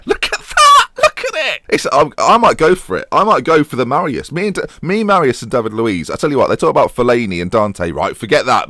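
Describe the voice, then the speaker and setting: A young man commenting on his own football management game, chatty and self-mocking, excitable when the match heats up. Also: mid-range voice, no room sound, studio quality. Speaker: gaming YouTuber.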